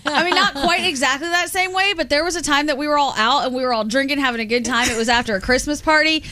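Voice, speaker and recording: A woman co-hosting morning radio, chatty as she shares a memory. Her voice sits high, with clear chatter from the others behind her. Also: fast talker. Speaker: radio show co-host.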